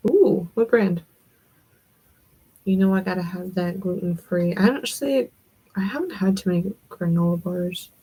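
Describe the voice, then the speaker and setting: Her voice is fairly low and mellow with a breathy edge, delivered at normal speed over poor audio. A young woman with a Southern accent, she hosts a livestream, chatting loosely with viewers and answering their comments.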